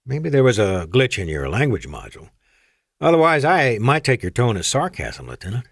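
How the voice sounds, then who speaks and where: A man's voice: medium pitch, wildly swooping pitch, normal speed, vocal fry, husky, dry recording, clean studio sound, exaggerated voice. A male narrator voicing a brusque young military colonel who speaks in clipped commands. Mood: commanding.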